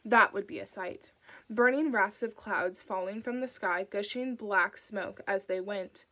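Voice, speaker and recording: A woman narrating an audiobook in a calm, even storytelling manner. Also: medium pitch, measured pace, poor audio. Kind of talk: audiobook reading.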